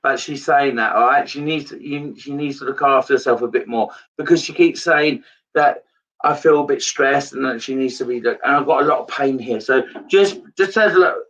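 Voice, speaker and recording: A man's voice: medium pitch, normal speed, a bit bright, distant mic, rough recording. A man giving a live psychic reading, earnest and repetitive in his phrasing. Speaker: medium.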